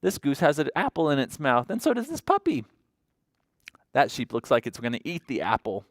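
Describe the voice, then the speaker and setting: A woman's voice: rumbling low, huge pitch swings, moderate pace, dry recording, studio quality. A woman librarian reading a picture book at toddler story time in a sing-song, coaxing voice, often asking the children questions.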